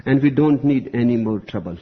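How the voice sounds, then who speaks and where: A man voicing a booming, gruff male devil who answers the phone in a told joke. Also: expressive, a little fast, narrow, tinny audio.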